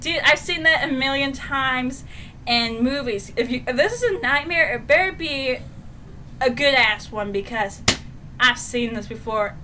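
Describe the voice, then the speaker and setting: A woman's voice: high-pitched, unhurried, bright, forceful tone, slight background noise. A woman playing a frantic young man in a nightmare. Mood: defiant. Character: scared, defiant young man trapped in a nightmare.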